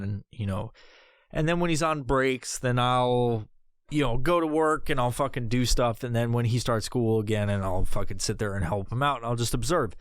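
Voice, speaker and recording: A man's voice: medium pitch, clear, resonant tone, dry recording, studio quality. A man hosting a podcast, telling a rambling, heavily profane comedic story. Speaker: podcast host.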